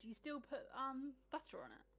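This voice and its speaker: A woman's voice: high voice, wildly swooping pitch, brisk, fairly bright tone. A woman chatting casually, curious and asking lots of questions. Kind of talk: casual chat. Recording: dull lo-fi audio.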